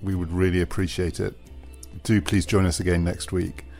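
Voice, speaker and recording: A man's voice: low-pitched, little pitch movement, normal speed, vocal fry, a little mellow, faint music behind. A man hosting a political podcast, thoughtful and hedging as he speaks. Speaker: podcast host. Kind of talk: panel discussion and sign-off.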